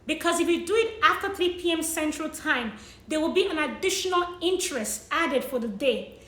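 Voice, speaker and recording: Young woman, tearful, sniffly, high voice, roomy echo, laughing through tears. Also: lively intonation, normal speed, a bit bright. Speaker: vlogger sharing money tips. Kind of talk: emotional personal vlog.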